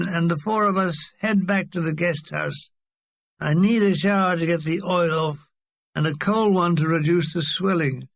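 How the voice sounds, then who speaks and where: A man's voice: fairly high pitch, gravelly. A man reading a comic memoir aloud with a wry, dry delivery. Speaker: audiobook reader.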